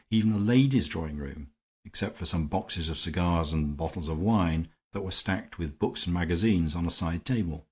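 A man reading an audiobook aloud in a measured, even storytelling manner. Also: low voice, slightly rough. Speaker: audiobook narrator. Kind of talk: scripted narration.

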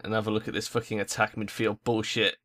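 Young guy ranting and swearing over a football strategy game, bright edgy voice. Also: on the low side, level tone, fast. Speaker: gaming YouTuber. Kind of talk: gameplay commentary.

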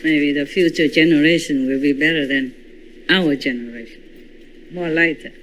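High bright guy, korean native, spiritual talk in broken english, gets dramatic telling stories. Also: fairly even intonation, a little hiss or hum, rough recording. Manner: halting non-native English with dramatic retelling. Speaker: spiritual teacher.

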